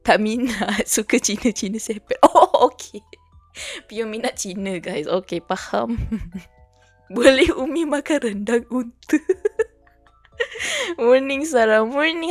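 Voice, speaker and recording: A woman's voice: a little high, dry recording. A woman streaming as a VTuber, chatting casually and giggling as she studies. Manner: chatty, mixes languages, giggly asides. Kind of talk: casual study stream chat.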